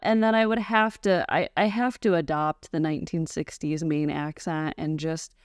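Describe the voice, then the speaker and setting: A woman's voice: sits low, steady tone, normal speed, clear, resonant tone, dry recording, clean studio sound. A woman co-hosting a podcast in casual chat, easygoing and jokey. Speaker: podcast co-host.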